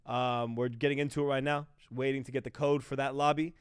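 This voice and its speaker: A man casting an esports match on a livestream in a relaxed, chatty way, talking to his chat. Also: mid-range voice, quick pace, clear, resonant tone, no echo, clean studio sound. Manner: laid-back, chatty, apologetic about the stream. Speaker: esports caster. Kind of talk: casual livestream commentary.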